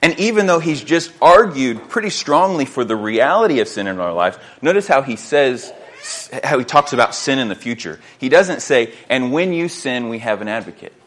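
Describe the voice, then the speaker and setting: A man's voice: medium pitch, very animated, moderate pace, a bit bright. A man preaching a sermon as pastor, reading scripture aloud and often repeating words as he works through his thoughts. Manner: earnest, repeats words while thinking, reads scripture aloud.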